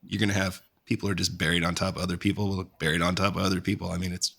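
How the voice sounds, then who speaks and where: Low-voiced man hosting a podcast. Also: little pitch movement, racing, gravelly, a bit bright. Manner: laid-back, swears casually, jokey. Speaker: podcast host. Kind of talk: casual podcast chat.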